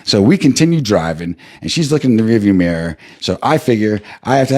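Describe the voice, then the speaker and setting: Husky, profane storytelling man. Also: lowish voice, fairly quick. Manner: profane, rambling, animated. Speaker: livestream host. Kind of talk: casual storytelling.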